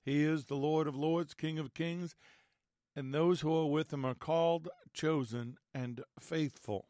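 Male host-teacher, slightly raspy from allergies, measured and earnest, dry close recording. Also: a little high, fairly even intonation, mellow, no room sound. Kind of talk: prayer and Bible teaching.

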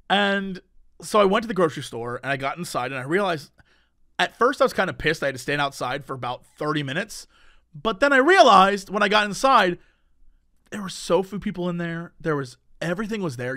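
A man co-hosting a podcast, telling a story in casual chat with animated swings between loud bursts and mumbled asides. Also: high-pitched, brisk, no room sound, clean studio sound. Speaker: podcast co-host.

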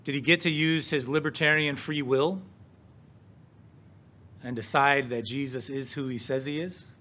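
A man preaching from the pulpit at a middle pitch, measured and earnest. He asks rhetorical questions and leans hard on key words. Now and then he clears his throat between points. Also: steady tone, sharp tone. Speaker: pastor. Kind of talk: sermon.

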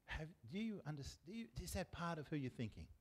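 A man's voice: on the high side, sing-song, fairly quick. A man with an Australian accent preaching a sermon as pastor, talking conversationally and putting questions to the congregation. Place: church.

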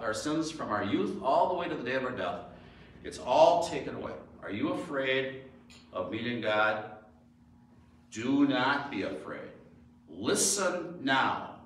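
A man's voice: mid-range voice, fairly bright tone. Male pastor, sermon, storytelling and emphatic questions; very echoey, distant mic. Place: church sanctuary. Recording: echoey church from far off.

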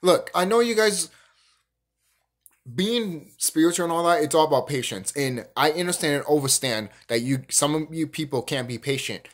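A man's voice: fairly high pitch, moderate pace. Man ranting profanely about spirituality. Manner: profane, emphatic ranting with repeated restarts. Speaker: YouTube channel host. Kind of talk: casual spiritual monologue.

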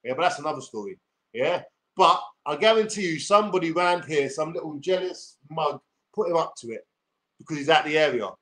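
A man with a London accent, in his forties, rants on a livestream in a combative, profane way, full of street slang. His voice sits slightly high for a man. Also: lively intonation, brisk, fairly bright tone. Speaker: YouTuber. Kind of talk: livestream rant.

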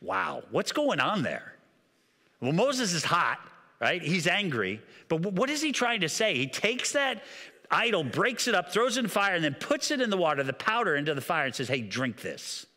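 A male pastor delivering a sermon with a high, bright voice that swings widely in pitch. He tells the story with animated energy, stumbling over repeated words, and his voice rings in a long hall reverb. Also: moderate pace.

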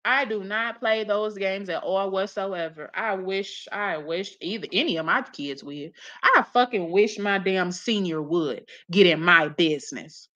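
A woman delivers reaction commentary with a bright, forceful edge. She is blunt and scolding, swears heavily, and sits at an everyday middle pitch. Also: unhurried, few pauses, lo-fi sound. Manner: mocks others in put-on voices.

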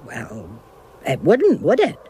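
A woman's voice: medium pitch, huge pitch swings, slow, warm tone, a little hiss or hum. A woman voicing a cheerful, bawdy old witch in a cartoon, teasing and gossipy with a chuckle. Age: older. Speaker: village witch, mother. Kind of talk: animated cartoon voice acting.

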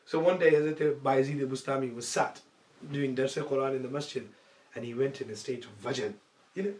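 A man giving a storytelling religious lecture. He acts out the quoted dialogue with sudden loud, high outbursts. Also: a little hiss or hum. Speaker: religious teacher. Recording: echoey room.

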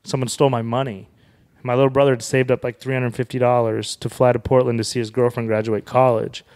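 A man's voice: mid-range voice, level tone, fast talker, a little mellow. A man who is a comedian, a guest on a podcast, telling a story in a casual and profane way.

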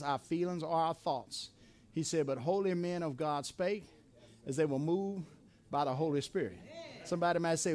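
A male preacher giving a sermon in a church, with rhythmic repetition, building to shouted refrains and dropping back low.

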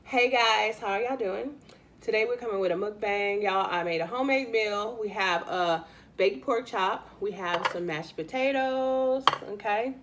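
A woman's voice: medium pitch, unhurried, heavy background noise. Chatty woman hosting an eating show. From Louisiana, US. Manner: chatty, addresses viewers as y'all, eats between lines. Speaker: mukbang host. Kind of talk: casual eating-show chat.

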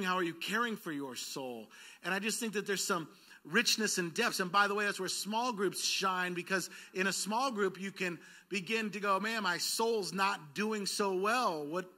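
A man preaching a sermon as pastor, coaxing call-and-response from his congregation. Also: high voice. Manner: lively, quick bursts then slowed words. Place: church sanctuary.

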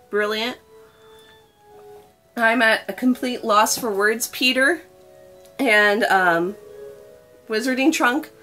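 A woman's voice: on the high side, fairly bright tone. A young woman chatting through an unboxing, gushing and gasping with delight over each item. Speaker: unboxing vlogger. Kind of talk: excited unboxing chat.

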